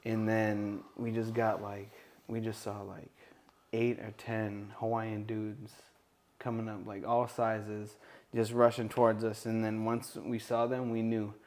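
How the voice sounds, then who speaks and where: A man's voice: on the low side, completely flat delivery, a little slow, darkish tone. A man who is a guest on a podcast, telling stories animatedly and swearing freely. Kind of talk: casual chat.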